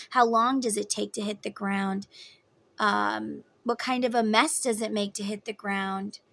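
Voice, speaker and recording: A woman in her thirties giving a casual tarot reading, chatty and motherly, guiding the listener through slow breathing. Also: on the high side, creaky, a bit bright. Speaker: tarot reader.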